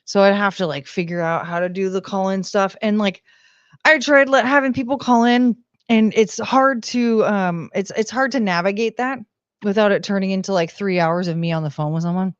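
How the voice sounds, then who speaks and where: Speaking at a moderate pace with a medium pitch, this woman rambles through a casual stream chat at home, leaning heavily on "like" and "um." Her desk mic gives a dull, dry sound with no room sound.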